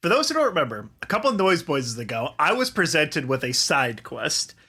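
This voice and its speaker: A man's voice: a little high, very animated, fairly quick, sharp tone, slightly rough. A man co-hosting a podcast, chiming in with sardonic jokes and mock advice. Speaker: podcast co-host. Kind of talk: casual comedic banter.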